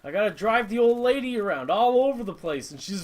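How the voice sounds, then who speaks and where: A man with a high voice chats loosely on a live stream from his home workshop. He rambles from topic to topic and greets viewers as he reads their comments. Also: lively intonation, brisk, rough recording. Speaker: host of a live model-building stream. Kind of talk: casual live-stream chat.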